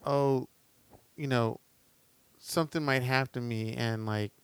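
A man hosting a casual interview, asking probing questions and giving steady agreement. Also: medium pitch, a little slow, clean tone, no echo. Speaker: podcast host.

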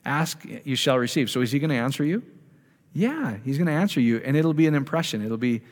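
A man's voice: medium pitch, expressive, quick pace. Man coaching a group in an echoey hall. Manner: conversational, coaching, asks the audience questions. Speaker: ministry speaker leading prayer. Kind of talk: informal teaching to a live group. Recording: long reverb of a hall.

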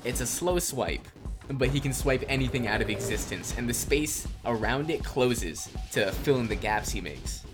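Joking young man over clear music. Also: mid-range voice, moderate pace. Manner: relaxed and joking, laughs often, with fillers. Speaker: podcast co-host. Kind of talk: casual chat.

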